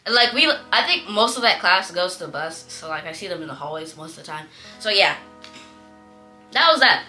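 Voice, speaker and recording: A young woman casually telling a story, chatty and animated, acting out what classmates said in playful voices. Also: lowish voice, a little fast. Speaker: vlogger. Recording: faint background music.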